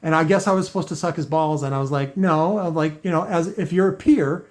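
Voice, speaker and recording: A man with a fairly high voice ranting straight to camera. He rambles, keeps restarting his sentences and leans into sarcasm as he talks to his viewers. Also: brisk, a little mellow. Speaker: car audio video maker. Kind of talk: unscripted rant to camera.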